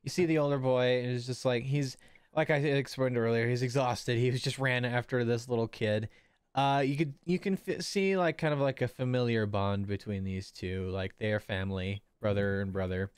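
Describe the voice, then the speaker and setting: A man's voice: medium pitch, fairly even intonation, moderate pace, clean tone, no room sound, clean studio sound. A man as game master, narrating a tabletop game in a casual way with many fillers.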